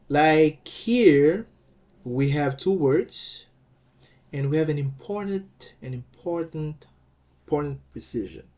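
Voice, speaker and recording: A man teaching a grammar lesson, explaining slowly and carefully, often restarting phrases and checking in with "okay?". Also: fairly high pitch, a little mellow. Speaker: Greek language teacher.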